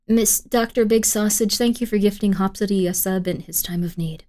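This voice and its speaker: A woman's voice: mid-range voice, moderate pace, hardly any pauses, darkish tone. A woman streamer chatting casually with her live chat, giggly, rambling and full of apologies. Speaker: streamer reacting to videos.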